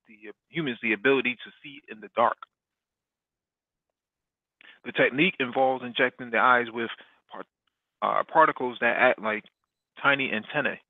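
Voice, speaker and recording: A man's voice: mid-range voice, dry recording. Man reading news over a tinny line. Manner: reads with frequent restarts. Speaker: podcast host. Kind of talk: reading a news article aloud. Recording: dry, tinny phone-like line.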